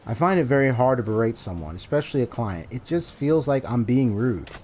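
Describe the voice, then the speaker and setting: Man reading a timid gentle dominatrix. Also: mid-range voice, expressive, fairly quick, slight background noise, lightly acted. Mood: apologetic. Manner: soft, apologetic, hesitant.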